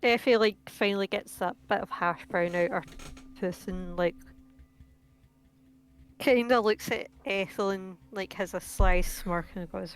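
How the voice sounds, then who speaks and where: A woman's voice: medium pitch, measured pace. Woman player, casual narration, lots of "like", playful tone. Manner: casual, filler-heavy, playful. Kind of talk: narrating her character in a tabletop game.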